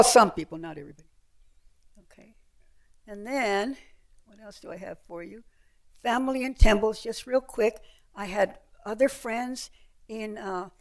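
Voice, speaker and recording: An older woman giving an author's talk, telling travel stories with slides and acting out the people she met. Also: fairly high pitch. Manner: lively storyteller, acts out voices. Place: heritage center event room with audience.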